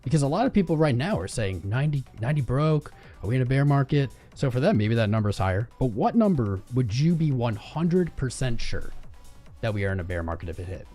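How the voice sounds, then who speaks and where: A man's voice: mid-range voice, big pitch swings, a little fast, mellow, soft background music. A man hosting a live crypto trading stream, chatting casually, thinking aloud and reading out viewers' price guesses from chat. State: chapped cuticles from cold weather. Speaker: livestream trading host.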